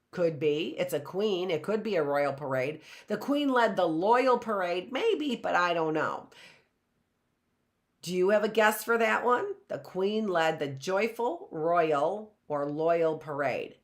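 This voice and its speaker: A middle-aged woman teaching an online phonics lesson, explaining slowly and sounding out letters and words. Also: lowish voice, animated.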